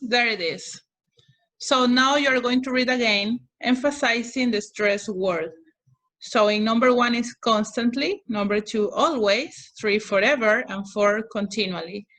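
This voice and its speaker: A woman's voice: fairly high pitch, measured pace, a bit bright. A woman English teacher running an online class over a video call, patiently calling on students by name.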